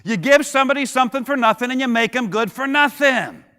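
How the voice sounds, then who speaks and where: A middle-aged keynote speaker delivers a punchy, joking motivational talk in a large conference hall, firing rhetorical questions at the audience. His very high-pitched voice is animated, quick, bright and forceful, and the recording carries a long hall reverb.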